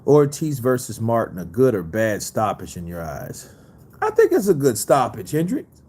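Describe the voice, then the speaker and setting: Casual boxing host, man, profane, laughs a lot, lively pitch. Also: normal speed, breathy edge. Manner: loose, profane, laughs easily. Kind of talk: casual livestream chat, reading viewer comments.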